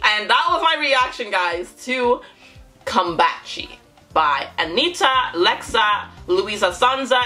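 A young woman hosting a casual reaction vlog, giggling often and breaking into high exclamations. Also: pushed and bright. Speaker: YouTube reaction host.

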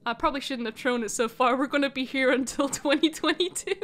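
A young woman streaming a game live, giggling often and squealing with excitement while she chats. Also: sits high, fast, few pauses. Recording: faint music behind. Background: faint music.

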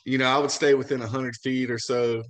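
A man training as a car salesperson who talks in a hesitant, halting way. His voice is mid-pitched and ordinary. He often stops and restarts before he finishes his sentences. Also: level tone, fairly bright tone. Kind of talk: coaching session role-play.

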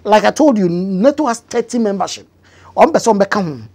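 A woman's voice: mid-range voice, expressive, fairly quick, darkish tone, husky. A woman with a Ghanaian accent giving a casual, explanatory news commentary, with frequent fillers and emphatic rises. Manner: conversational with many fillers, rising emphatic stretches. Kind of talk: explanatory commentary mixing English and Twi.

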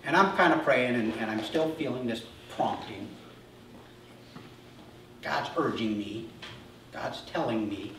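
A middle-aged male pastor preaching a sermon, telling self-deprecating stories in an animated way. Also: medium pitch, a little slow, long pauses, noisy background. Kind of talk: sermon with humorous personal stories. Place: church sanctuary. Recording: echoey hall, mic from far off.

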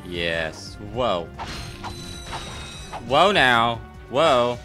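A man's voice: mid-range voice, big pitch swings, slow, pauses often, pushed and bright, soft background music. A man playing a video game and commenting on it in a playful, joking way, sick and coughing now and then. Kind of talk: let's play commentary.

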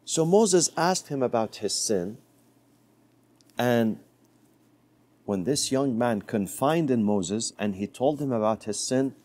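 Mellow-voiced male preacher telling a story. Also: expressive, slow, long pauses. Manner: storytelling, dropping to a soft low voice for quoted words. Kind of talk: sermon.

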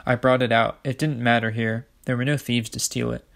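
Gravelly man reading a storybook aloud. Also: mid-range voice, flat delivery, fairly quick, fairly bright tone. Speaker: audiobook reader.

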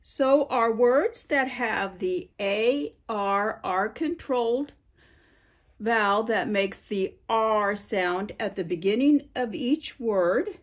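Woman, phonics teacher, slow and deliberate, stretches out each sound. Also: medium pitch. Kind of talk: phonics lesson for parents.

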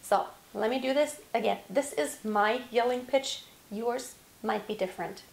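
A woman teaching singing, explaining vocal exercises and demonstrating loud yells. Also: fairly high pitch, unhurried, creaky. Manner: explains with demonstrations, yelling examples. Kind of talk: vocal lesson. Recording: roomy echo.

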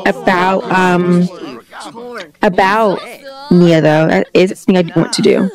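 A woman's voice: medium pitch, darkish tone. A young woman giving casual, chatty commentary on a life-simulation game, exclaiming often and voicing what the characters think. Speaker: gameplay vlogger.

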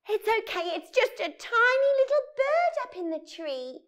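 A woman's voice: very high-pitched, very animated, measured pace, hardly any pauses, a bit bright. A woman leading an interactive children's story session, theatrical and wide-eyed, full of gasps and exclamations.

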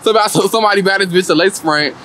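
Sassy guy going off about a reality show, high bright voice, cussing a lot and cracking up. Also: rapid-fire, slight background noise. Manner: animated, profane and sassy, laughing often. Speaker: vlogger. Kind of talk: comedic reality TV recap.

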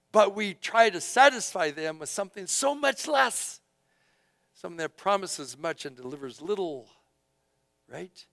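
A man preaching a sermon as pastor, impassioned and conversational, swinging between loud outbursts and hushed asides. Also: a little high, vocal fry, dry recording. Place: church sanctuary.

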